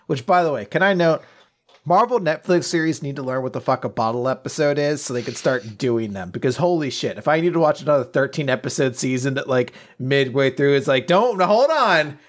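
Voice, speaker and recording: A man's voice: medium pitch, fairly quick. Man rambling in a casual podcast chat. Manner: rambling, swears freely, trails off. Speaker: podcast co-host.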